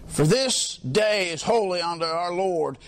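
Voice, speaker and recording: A man preaching a sermon in a colloquial way, leading call-and-response with the congregation and often swelling into shouts. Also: high voice, measured pace. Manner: colloquial, peppers lines with "amen", swells into shouts.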